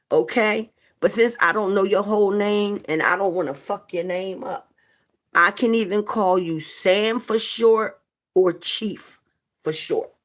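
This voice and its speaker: Woman chatting on her live, slow and easygoing, playful with the chat. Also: medium pitch. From New Jersey. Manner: chatty, playful, greeting viewers by name. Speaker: livestreamer. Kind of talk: casual live-stream chat.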